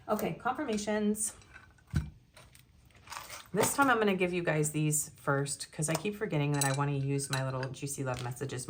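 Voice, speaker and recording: A woman's voice: low-pitched, noisy background. A young woman giving a casual tarot love reading, chatting and giggling between the card messages she reads aloud. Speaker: tarot reader.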